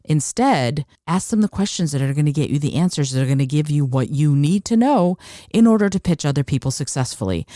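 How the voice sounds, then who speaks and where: A woman's voice: sits low, expressive, fairly quick, mellow, no room sound, studio quality. A woman hosting a solo podcast, talking emphatically and repeating phrases to drive her points home. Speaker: podcast host.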